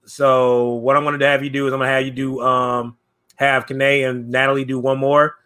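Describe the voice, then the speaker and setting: A man hosting, casually explaining a technical problem with pauses and fillers. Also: medium pitch, little pitch movement, bright, forceful tone, clean tone. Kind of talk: casual announcement.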